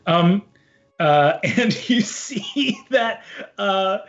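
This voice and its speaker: A game master narrating a tabletop game with a lively, swooping voice, often giggling and padding with fillers. His sound is slightly dull, with faint music behind him. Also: high voice, drawn-out words. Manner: animated, giggling, many fillers.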